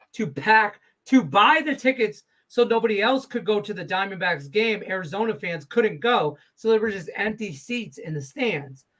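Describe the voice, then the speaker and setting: A man's voice: high-pitched, a bit bright. A man hosting a sports betting show in casual, profane, rambling chat, laughing easily.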